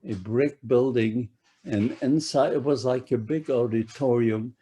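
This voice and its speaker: A man in his nineties from Poland, giving personal testimony to an audience in a halting way that repeats words as he searches for them. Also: mid-range voice, dark tone, breathy edge. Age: 90s. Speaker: Holocaust survivor giving a talk.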